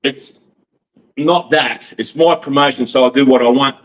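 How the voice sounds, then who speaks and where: A man's voice: medium pitch, moderate pace. A brash, fired-up Australian man, a wrestling promoter guesting on a podcast, swearing freely and laughing often. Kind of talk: casual podcast interview. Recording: dull lo-fi sound.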